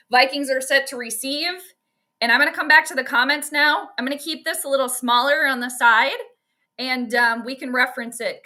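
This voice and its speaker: A woman's voice: sits high, bright, forceful tone. A woman hosting a live stream from home, giving casual game commentary in a rambling, chatty way and answering viewer comments. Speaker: host of an astrology sports livestream.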